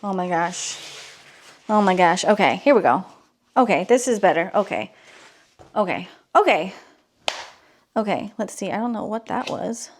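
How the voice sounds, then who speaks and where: A woman talking casually to her viewers in a vlog, excitable and gushing, with nervous exclamations. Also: mid-range voice, moderate pace, long pauses, slight background noise. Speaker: vlogger. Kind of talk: casual unboxing vlog talk.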